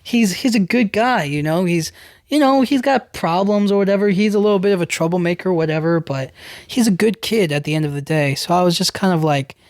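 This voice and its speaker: A man's voice: high voice, brisk, dry recording, studio quality. A young man hosting a podcast, recapping a film in a loose, rambling way, full of "like" and "you know what I mean". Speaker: podcast host.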